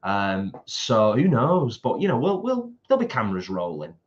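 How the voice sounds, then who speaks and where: A man's voice: on the low side, huge pitch swings, moderate pace, lo-fi sound. A British man co-hosting a live stream, chatting casually, reading out viewer comments and laughing easily.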